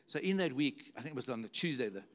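A man's voice: mid-range voice, sing-song, fast. A middle-aged man preaching a sermon, telling stories animatedly and repeating words for emphasis. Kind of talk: sermon storytelling.

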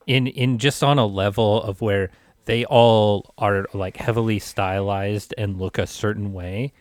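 A man's voice: fairly low pitch, steady tone, unhurried, dry recording. A man co-hosting a podcast, laid-back and swearing casually while discussing a movie. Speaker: podcast co-host. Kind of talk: casual movie review chat.

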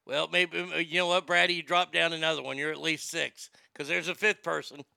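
Male host, casual rambling chat, stammers and swears, smooth resonant voice. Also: fairly high pitch, little pitch movement, a little fast, sharp tone, no echo, clean studio sound. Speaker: show host.

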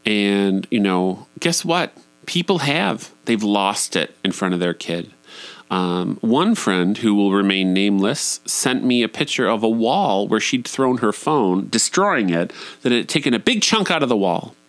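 Candid low-voiced man in his forties. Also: lively intonation, a little slow, dry recording. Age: 40s. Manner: candid, profane, self-deprecating. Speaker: storyteller. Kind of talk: personal monologue.

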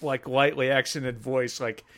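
Swearing podcast co-host, mid-pitched man. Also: steady tone, unhurried, a bit bright. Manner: profane, laughing asides. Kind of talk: casual chat.

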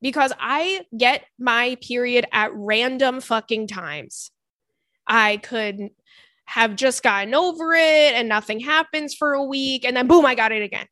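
Frank, bright-voiced young woman host. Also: fairly high pitch, a little slow, no room sound, studio quality. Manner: candid, swears freely, laughs often; reads listener emails aloud. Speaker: podcast host. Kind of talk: casual chat.

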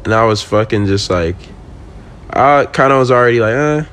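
A young man with a fairly low voice speaks at a moderate pace, a pro skateboarder guesting on a podcast. He tells a casual story in an animated, profane way, swearing a lot and acting out the lines he said back then.

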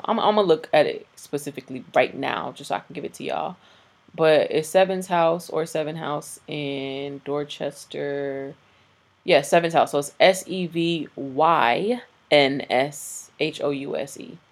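A woman in her late twenties hosting a solo podcast, ranting bluntly with lots of swearing, and sounding tired. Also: sits low. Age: 20s. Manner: blunt, profane, animated ranting. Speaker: podcast host. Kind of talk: casual solo podcast rant.

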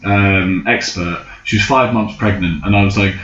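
Young man, low-ish voice, rambling storyteller with swearing, in a roomy room on a slightly dull recording. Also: fairly even intonation, normal speed, a bit bright. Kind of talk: casual chat.

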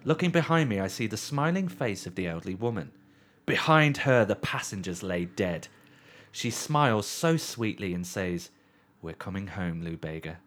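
A man in a casual podcast chat, telling a long story with swearing and deadpan readings. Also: fairly low pitch, normal speed.

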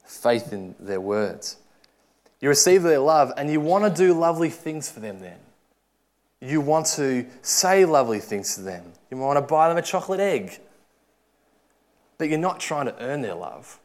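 A man preaching a sermon, earnest, swinging from loud urging to soft, quiet asides. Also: fairly high pitch, very animated, moderate pace.

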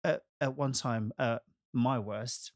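A man's voice: medium pitch, fairly even intonation, takes it slowly, no room sound, clean studio sound. A man chatting as a friend and co-host, speaking encouragingly and supportively. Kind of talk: casual podcast conversation.

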